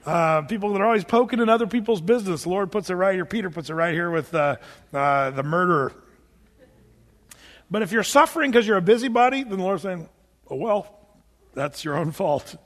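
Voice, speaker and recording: Man, pastor, high voice, conversational sermon, jokes with the congregation, reverberant church hall. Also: fast talker. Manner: conversational and animated, reads scripture aloud, jokes with the congregation. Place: church sanctuary.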